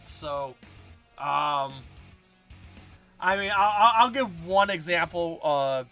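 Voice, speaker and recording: Bright, high-voiced chatty male host. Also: takes it slowly, pauses often, faint music behind. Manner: chatty, exclamatory. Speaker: podcast co-host. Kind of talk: casual chat.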